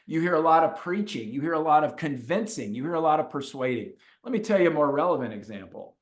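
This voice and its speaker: A male executive coach gives a webinar talk full of stories. He delivers them in an animated way and hammers his points with repetition. His voice sits a little higher than most men's. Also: quick pace. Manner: animated storyteller, repeats points for emphasis.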